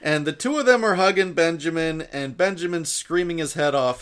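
A man's voice: a little high, normal speed, a bit bright. A man in casual chat, retelling a story with lots of swearing and acted-out quotes. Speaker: podcast co-host recapping a story.

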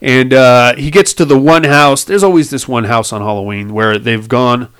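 A man's voice: mid-range voice, normal speed, a bit bright, clear, resonant tone. A young man casually recapping a movie on a podcast, joking crudely and laughing often. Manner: joking, laughs often, acts out quoted lines.

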